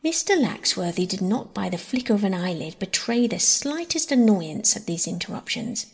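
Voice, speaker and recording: Husky-voiced woman narrating a story. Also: medium pitch, very animated, moderate pace. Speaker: audiobook narrator. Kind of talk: scripted narration. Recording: husky voice in long reverb.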